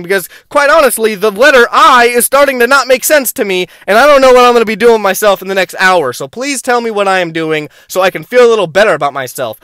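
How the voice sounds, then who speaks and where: Young male vlogger, higher-pitched, profane and rambling, dry close sound. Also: expressive, quick pace, few pauses, sharp tone, no room sound. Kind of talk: casual storytelling to camera.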